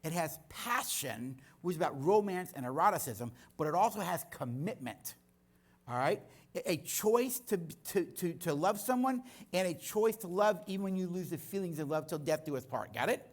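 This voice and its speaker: A middle-aged man with a high voice, speaking at normal speed, gives a church teaching talk as a guest speaker. He tells stories in an animated way and acts out the dialogue.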